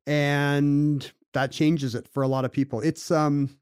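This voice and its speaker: A man's voice: on the high side, level tone, a little slow, a little mellow, smooth, no room sound, studio quality. A man co-hosting a podcast, explaining at length in casual chat, with frequent fillers and restarts. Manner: rambling, explains at length with many "you know" fillers and restarts.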